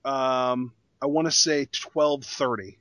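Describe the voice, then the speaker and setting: A man co-hosting a podcast, chatting in an excitable, slangy way about wrestling. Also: mid-range voice, slow pace, no echo. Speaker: podcast co-host. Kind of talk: casual wrestling review chat.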